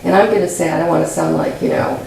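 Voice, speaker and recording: A woman poet answering audience questions after a reading in a college lecture room, thoughtful and searching for words, a bit hoarse as she is losing her voice. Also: on the low side, animated, quick pace, background noise. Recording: echoey room, mic at a distance.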